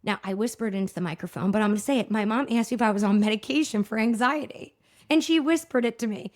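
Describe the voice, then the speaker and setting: A woman's voice: a little high, fast, a little mellow. A woman in her thirties hosting a solo podcast, chatty and self-deprecating, often checking in with "okay?". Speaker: podcast host. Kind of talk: casual solo podcast talk.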